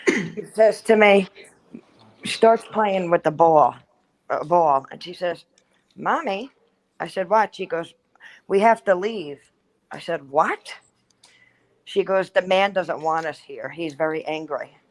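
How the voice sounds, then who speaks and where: A woman in her thirties tells a spooky personal story in an easy, chatty way. Her voice sits a little low, and she peppers her speech with "like" while acting out what people said. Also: slow pace, long pauses, low-quality recording. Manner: chatty, heavy use of "like", acts out quotes. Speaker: guest storyteller. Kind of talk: casual storytelling.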